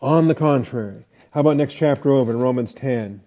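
A man's voice: mid-range voice, fairly quick, warm tone. A man teaching a Bible study lecture in a conversational way, asking the class questions and restarting his sentences.

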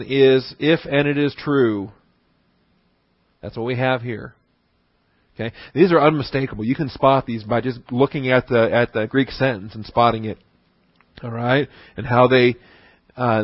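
A man's voice: medium pitch, fairly even intonation, measured pace, pauses often, dry recording, highs cut off. Man teaching the Bible, dry sound. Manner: conversational, emphatic, with frequent restarts and laughs. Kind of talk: sermon-style Bible teaching.

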